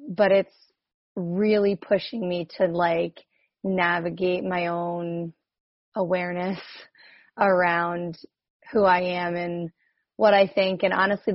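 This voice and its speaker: A woman's voice: lowish voice, no echo. A rambling, self-questioning woman from New Jersey, sharing openly on a group video call. She speaks with many "like"s and laughs often, in a dry, close voice. The video-call audio is slightly dull. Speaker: coach.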